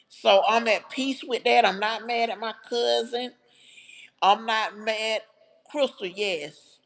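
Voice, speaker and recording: A woman's voice: medium pitch, gravelly, fairly bright tone. A woman hosting a livestream, telling a personal story to her viewers in a heartfelt, chatty way. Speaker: livestream host. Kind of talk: casual livestream storytelling to chat.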